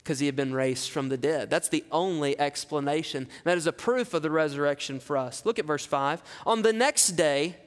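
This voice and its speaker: A man preaching an expository sermon, reading scripture dramatically and dropping low for asides. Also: normal speed, hardly any pauses, big-room sound. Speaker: pastor.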